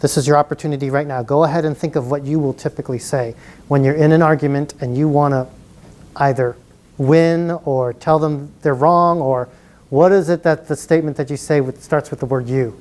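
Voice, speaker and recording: A man's voice: on the high side, fairly even intonation, a little fast, a little mellow. A man presenting a live college workshop to an audience, chatty and encouraging, often laughing.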